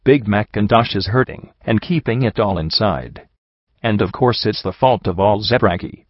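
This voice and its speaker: This audiobook narrator has a lowish, animated voice and keeps a normal pace, with no room sound around him. He reads a first-person story aloud, adding dry, wry asides, though the recording is dull and lo-fi.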